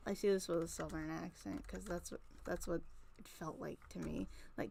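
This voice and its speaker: A young art streamer rambles and vents while working on a drawing, swearing freely as she chats casually. Her lowish, creaky voice holds a steady tone at normal speed over soft background music.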